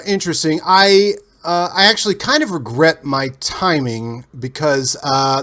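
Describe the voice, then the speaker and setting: A man from Cincinnati, a guest on an interview show, telling stories in a loose, animated way with restarts and laughter. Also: fairly high pitch. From Cincinnati, USA. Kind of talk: casual storytelling interview.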